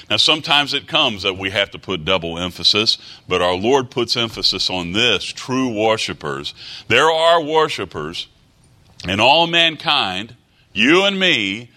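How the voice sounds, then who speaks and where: A man preaching a sermon in a low, very bright voice. He reads scripture aloud in old-fashioned wording. His pitch lifts and drops to stress key words. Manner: rises and drops in pitch for emphasis.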